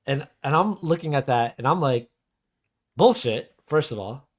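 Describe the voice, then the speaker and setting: A man's voice: mid-range voice, moderate pace. A man co-hosting a podcast in casual chat, making blunt, sarcastic remarks. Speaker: podcast co-host.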